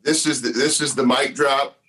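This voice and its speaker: A man's voice: medium pitch, steady tone, normal speed, sharp tone, rough recording. Male podcast host, earnest and grateful, casual interview chat.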